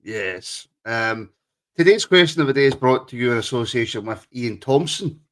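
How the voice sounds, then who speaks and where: A man's voice: mid-range voice, animated, normal speed. A man co-hosting a casual podcast chat, teasing his co-host in joking banter.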